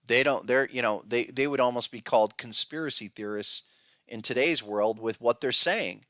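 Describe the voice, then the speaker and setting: A man's voice: mid-range voice, moderate pace, sharp tone, no room sound, clean studio sound. A male podcast host giving casual market commentary in an emphatic, restless way, often restarting sentences and tossing in asides. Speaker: podcast host, trading educator.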